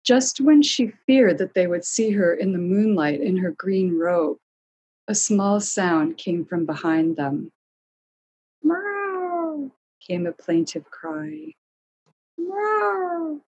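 A woman reading a storybook aloud in a calm, measured way. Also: on the low side, slightly rough, low-quality recording. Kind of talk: storybook narration.

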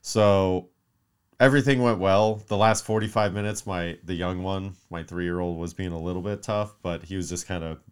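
A man in his thirties, a podcast co-host, telling a long story in casual chat, animated and profane, acting out quotes. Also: low voice, moderate pace, smooth. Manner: mimics voices in quotes.

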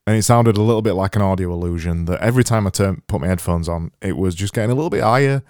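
A man's voice: low-pitched, racing, darkish tone, clear, resonant tone, dry recording, clean studio sound. A man with a Yorkshire accent hosting a casual music review chat, chatty and self-deprecating. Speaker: radio-style show host.

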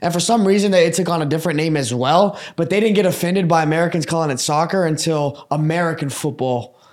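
A man's voice: fairly high pitch, quick pace, darkish tone. A young man from Texas with a Texan accent, co-hosting a casual sports podcast and swearing freely. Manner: swears freely, says "bro" a lot. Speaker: podcast co-host. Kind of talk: casual chat.

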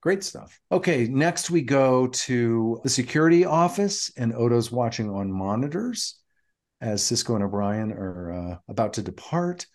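Middle-aged guy co-hosting a podcast, laid back recap, lots of uhs, normal pitch. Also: measured pace. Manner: relaxed storytelling with frequent fillers. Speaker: podcast co-host. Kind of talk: casual episode recap.

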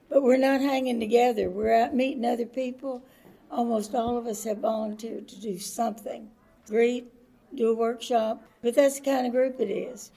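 A woman's voice: on the high side, vocal fry, mellow. A woman giving earnest interview answers at a conference. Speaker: conference attendee, AA member.

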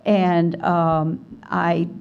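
An older woman from Alabama, telling an animated story as a guest speaker at a writers conference. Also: on the low side, extremely slow, vocal fry, clear, resonant tone, lo-fi sound. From Alabama, USA. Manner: animated storyteller, acts out quoted voices. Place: conference hall.

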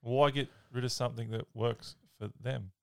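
A man's voice: medium pitch, fairly even intonation, normal speed, gravelly. A man co-hosting a podcast, throwing in short wry quips. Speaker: podcast co-host. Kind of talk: casual chat.

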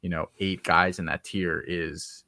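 A man's voice: low voice, flat delivery, unhurried, pushed and bright, no room sound. A man on a podcast panel giving blunt, opinionated takes in a casual discussion, often hedging with "you know".

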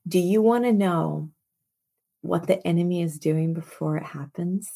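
A woman's voice: fairly low pitch, steady tone, a little slow, gravelly, mellow. A woman preacher hosting her show, speaking with emphasis and repeating key phrases for stress, then reading scripture aloud.

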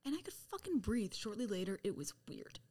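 A middle-aged woman from San Diego telling her life story on a podcast in a blunt, profane, animated way. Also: mid-range voice, a little fast. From San Diego, California. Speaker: podcast guest. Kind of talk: casual storytelling.

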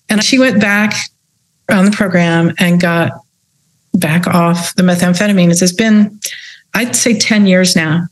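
A woman's voice: fairly low pitch, steady tone, normal speed. A woman talking as a health practitioner in a casual interview, earnest and sharing stories of her patients. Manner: earnest, tells patient stories, laughs lightly.

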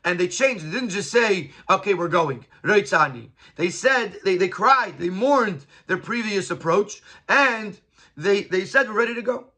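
A man's voice: high-pitched, lively intonation, unhurried, bright, forceful tone. A man teaching a Torah class, quoting Hebrew and Yiddish phrases and then explaining them in English.

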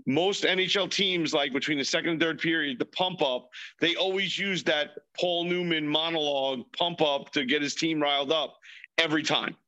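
A man's voice: a little high, normal speed, pushed and bright, poor audio. A man co-hosting a sports movie podcast, swearing freely and retelling movie scenes with gusto. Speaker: podcast co-host. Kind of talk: casual chat.

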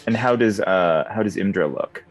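Male tabletop player, low-pitched, casual and a little apologetic. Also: normal speed, over loud music.

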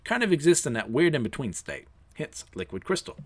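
A man with a noticeable lisp talks through an episode in a loose, chatty way, reading out characters' quotes. His pitch rises and falls freely as he goes. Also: very animated, fairly quick, slightly rough. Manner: chatty, self-deprecating, laughs between lines. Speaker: anime episode recapper. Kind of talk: casual episode recap, reading character lines aloud.

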